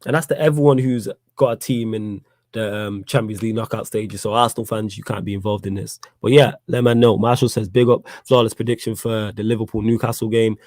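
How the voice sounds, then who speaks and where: Animated football podcaster, dry sound. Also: male voice, brisk, dry recording. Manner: animated, teasing, swings up to loud high challenges. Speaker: podcast host. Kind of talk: casual live-stream football chat.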